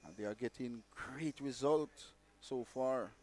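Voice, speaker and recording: Male cricket co-commentator, calm and steady, mid-pitched voice. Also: unhurried. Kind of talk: live sports commentary.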